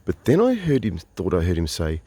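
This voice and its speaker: A man's voice: sits low, wildly swooping pitch, fairly quick, dark tone, breathy edge, dry recording. A man in his fifties with an Australian accent, telling a meandering, wry story in casual spoken monologue. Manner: meandering, wry, full of asides and restarts. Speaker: travelling storyteller.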